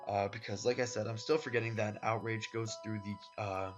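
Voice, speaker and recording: A man with a lowish, steady voice talks a little fast as a competitive Pokémon player narrating his own matches in casual voice-over. He's laid-back and rambling, full of fillers, calling viewers "boys" and "guys." The lo-fi audio sounds dull, with soft guitar music behind him.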